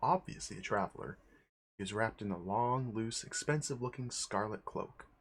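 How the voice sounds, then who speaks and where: A man's voice: fairly low pitch, normal speed, slightly rough. A man streaming, casually reading a fantasy game manual aloud to viewers.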